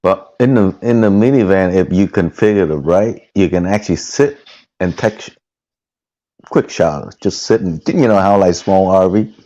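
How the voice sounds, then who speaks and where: A man with a low, deep voice talks casually into a cheap headset mic. He halts and restarts his words and laughs easily. The audio sounds muffled and lo-fi. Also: animated, normal speed, warm tone. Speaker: guest van dweller. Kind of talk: casual live-stream chat. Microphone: headphone headset mic.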